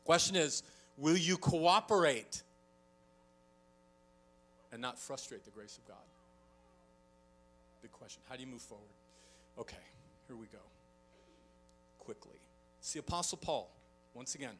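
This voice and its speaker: Animated, bright-voiced male pastor. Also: mid-range voice, normal speed, long pauses, faint music behind. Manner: animated storytelling, acts out quoted voices, chuckles often. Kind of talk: sermon.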